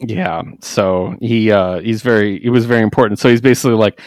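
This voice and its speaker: Animated man recapping comics, dry close mic. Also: fairly low pitch, dry recording. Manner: animated, acts out characters in quick voices, laughs often. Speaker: podcast co-host. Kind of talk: casual comic book chat.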